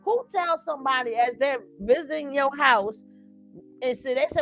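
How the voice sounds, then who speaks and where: High-voiced woman laughing through commentary. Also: unhurried, faint music behind. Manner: animated, laughs often, loud outbursts. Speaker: reaction commentary host. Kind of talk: laughing reaction chat.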